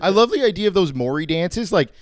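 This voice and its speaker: A man's voice: sits high, animated, fast, dry recording, clean studio sound. A man co-hosting a podcast, casually telling stories in a laid-back, amused way. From Canada. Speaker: podcast co-host. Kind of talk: casual chat.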